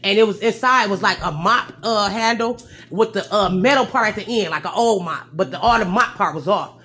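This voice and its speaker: A young woman tells her viewers a wild story in a casual, animated way. Her voice jumps from loud outbursts to quiet asides. Faint music plays behind her. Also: mid-range voice, a little fast. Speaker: storyteller vlogger.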